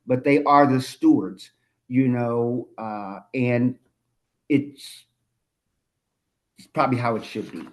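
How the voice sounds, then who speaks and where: Man pitching a proposal in a meeting, kinda halting, reads legal bits aloud. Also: poor audio. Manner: halting, reads out statute text. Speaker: presenter of a proposal. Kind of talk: meeting discussion.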